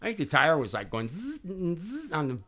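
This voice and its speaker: A man's voice: on the high side, huge pitch swings, brisk, bright, forceful tone. A man co-hosting a podcast, telling a rowdy, profane story in casual chat and laughing often. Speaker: podcast co-host.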